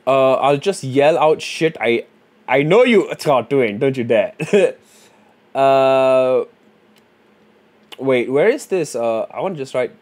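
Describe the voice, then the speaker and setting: A man's voice: medium pitch, animated, slow pace, long pauses. A man live streaming, chatting loosely with his viewers and thinking aloud as he reads and types suggestions. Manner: thinks aloud and mumbles while reading chat; loose and slangy, with frequent fillers. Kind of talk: casual livestream chat.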